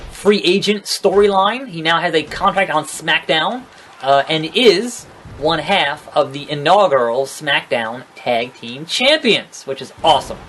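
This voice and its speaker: This young host's fairly high, slightly bright voice carries a little hiss or hum as he commentates a wrestling game playthrough. He's rambling, sarcastic, and swears at the characters, in a casual let's-play style.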